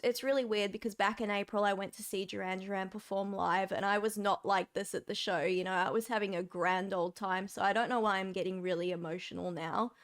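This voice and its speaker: A woman's voice: mid-range voice, steady tone, fairly quick, hardly any pauses. Chatty woman reacting to music. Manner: chatty, openly emotional, addresses viewers as guys. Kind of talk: casual reaction commentary.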